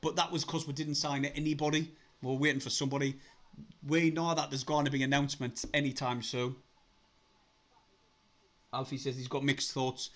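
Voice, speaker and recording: A young man with a Sunderland accent, hosting a casual live stream, chatty, laughing often, swearing and getting excitable. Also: medium pitch, normal speed, pauses often. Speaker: livestream host.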